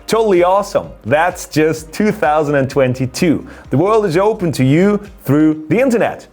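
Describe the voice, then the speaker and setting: A man's voice: fairly high pitch, lively intonation, moderate pace, a little mellow, faint music behind. A man in his thirties with a German accent, explaining things in an upbeat vlog, lifting his voice for emphasis. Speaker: photography YouTuber and former radio presenter.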